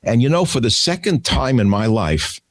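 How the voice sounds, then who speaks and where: A man's voice: medium pitch, sing-song, normal speed, no room sound. An older man hosting a talk radio show, delivering a combative, scornful solo monologue. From United States.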